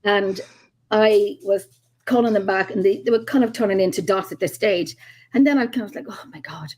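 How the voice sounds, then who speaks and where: A woman's voice: medium pitch, brisk, darkish tone, rough recording. A woman with an Irish accent, a paranormal investigator, chatting as a guest in an interview and telling long stories full of ums and restarts. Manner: rambling storyteller with frequent ums and restarts. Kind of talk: casual interview chat.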